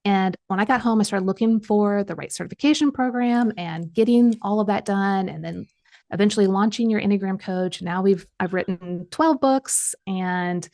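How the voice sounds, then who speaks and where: Gravelly-voiced woman telling a personal story. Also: medium pitch, normal speed. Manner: animated, acts out quoted voices. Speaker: guest coach. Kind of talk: personal storytelling in a podcast interview.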